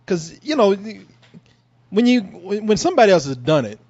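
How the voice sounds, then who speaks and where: A man's voice: high voice, big pitch swings, moderate pace, a little mellow. A man rambling through profane jokes in casual banter, with restarts and mock quotes. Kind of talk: crude comedic banter. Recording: dull lo-fi recording.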